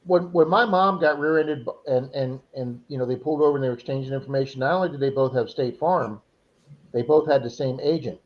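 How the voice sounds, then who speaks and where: A man's voice: mid-range voice, quick pace. A man co-hosting a casual chat, rambling through stories with restarts and repeats. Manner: rambling talker who restarts and repeats himself. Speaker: co-host. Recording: slightly dull lo-fi sound.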